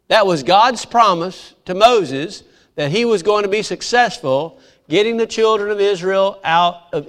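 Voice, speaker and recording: A man preaching a sermon, retelling the story with lively acted-out voices. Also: sits high. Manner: animated storytelling, acting out voices of biblical figures. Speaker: pastor.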